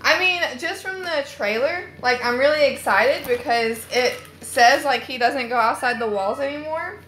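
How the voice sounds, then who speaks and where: A fairly high-voiced young woman chats through a casual live stream from her phone at home. She rambles easily and leans on "like" as a filler. A faint hiss sits under her voice. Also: moderate pace, sharp tone. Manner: chatty and rambling, many "like" fillers.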